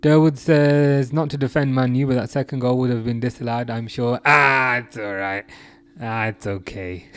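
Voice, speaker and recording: A man's voice: mid-range voice, steady tone, normal speed, fairly bright tone, clean tone, no echo. Young man, from England, live stream host, casual chat, laughs a lot, restarts sentences, dry close mic. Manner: chatty, laughs often, many restarts and fillers. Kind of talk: casual live chat reading viewer comments.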